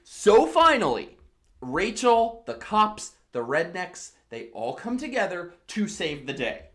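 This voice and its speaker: A tipsy woman hosting a drunk comedic movie recap, telling it in an animated way with lots of swearing and exclamations. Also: lowish voice, slow, soft background music. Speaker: host.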